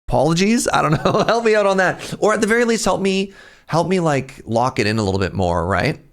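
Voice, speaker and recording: A man's voice: on the high side, very animated, a little fast. A male streamer chatting casually as he reacts to game trailers, laughing often and thinking aloud.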